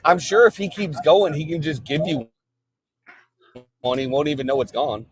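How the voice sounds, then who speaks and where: A man's voice: a little high, animated, moderate pace, slightly rough, dry recording. A hungover man calling in to a podcast from the back of a car, cocky and teasing in his trash talk. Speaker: guest wrestler calling in. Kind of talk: casual podcast chat.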